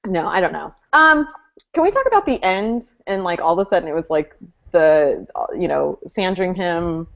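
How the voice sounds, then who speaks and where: A woman's voice: fairly low pitch, lively intonation, moderate pace, vocal fry, lo-fi sound. A woman co-hosting a casual fan chat, chatty and jokey, laughing often. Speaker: podcast co-host.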